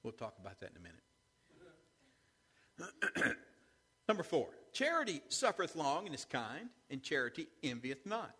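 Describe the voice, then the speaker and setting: A man's voice: fairly high pitch, sing-song, normal speed, pauses often, sharp tone, husky, in a large hall. A man preaching a sermon as pastor, with call-and-response asides to the congregation. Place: church sanctuary.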